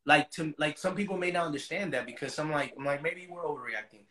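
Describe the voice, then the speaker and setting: A man's voice: on the high side, quick pace, a bit bright. A man as an interview guest, retelling a story in casual, profane slang.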